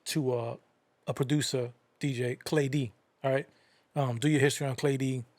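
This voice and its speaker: A man's voice: medium pitch, steady tone, normal speed, a little mellow, no echo. A man hosting a podcast, telling stories casually with lots of fillers. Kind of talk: casual podcast chat, storytelling.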